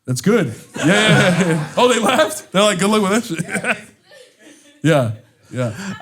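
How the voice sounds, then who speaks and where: A man's voice: high-pitched, sing-song, measured pace, a bit bright. A young man, a podcast co-host, joking and teasing through banter on a live comedy show. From half Salvadorian.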